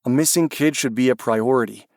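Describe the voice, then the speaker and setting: A male narrator voicing a helpful official with years in government, who speaks briskly and reassuringly. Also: mid-range voice, gravelly, darkish tone, no room sound, studio quality, lightly acted.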